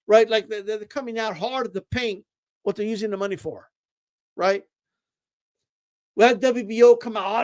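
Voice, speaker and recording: Brief: opinionated male boxing host with a high voice, stumbling over repeated words as he rants. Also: fairly even intonation, unhurried, pauses often. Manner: ranting, rhetorical "right?" tags, repeats words, says "bro". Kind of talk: opinionated casual commentary.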